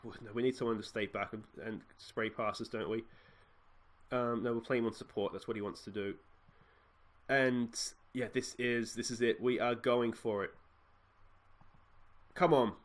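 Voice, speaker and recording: A man with an Australian accent hosting a game let's play, talking chattily with excitable, self-mocking asides. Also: medium pitch, normal speed. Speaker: gaming channel host.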